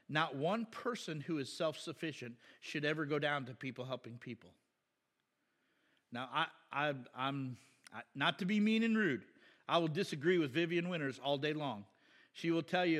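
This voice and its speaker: A man's voice: on the high side, long reverb tail. A male pastor preaching in a blunt, conversational way and trading remarks with his congregation in a church. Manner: blunt, animated, talks back and forth with the congregation. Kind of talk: conversational sermon with congregation interaction.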